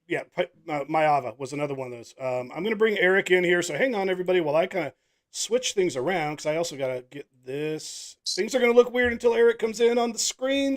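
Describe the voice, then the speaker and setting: A man running a live fantasy football draft over a video call, keeping up a loose, casual patter. His voice sits a little high and he laughs easily at his own mix-ups while he sorts out the screen. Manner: casual, self-deprecating, laughs often. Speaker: podcast host and league commissioner. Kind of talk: live draft stream chat. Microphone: online video call.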